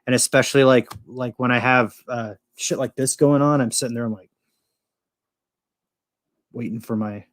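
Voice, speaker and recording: A man's voice: medium pitch, steady tone, a little fast, few pauses, a bit bright, no room sound. A man chatting loosely and profanely, full of fillers and self-deprecating asides. His voice sits mid-range and the recording is dry and close. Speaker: vlogger. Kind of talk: casual chat.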